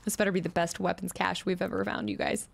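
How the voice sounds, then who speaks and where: A woman's voice: fairly low pitch, flat delivery, quick pace, gravelly. A woman commenting on her own gameplay, muttering number combinations to herself, chatting with viewers and laughing often. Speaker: gaming streamer. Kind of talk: let's play commentary.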